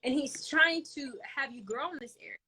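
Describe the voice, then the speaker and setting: A young woman guest in a casual interview, expressive and animated, often quoting her own thoughts. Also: high voice, brisk. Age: young adult. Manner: expressive, animated, quotes herself, laughs often.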